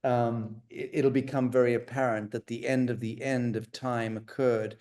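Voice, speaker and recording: A man's voice: mid-range voice, little pitch movement, moderate pace, darkish tone. A man speaking as an interview guest in a rambling, conversational way, full of fillers and restarts.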